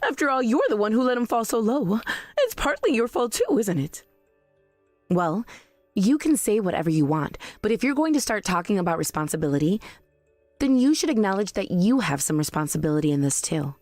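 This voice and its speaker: A woman's voice: mid-range voice, very animated, fairly quick, a little mellow, dry recording, soft background music, natural voice. Woman voicing a coldly sarcastic young wife. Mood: cutting. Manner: cool, cutting and sarcastic. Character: cold, blunt young wife confronting her mother-in-law. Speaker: daughter-in-law.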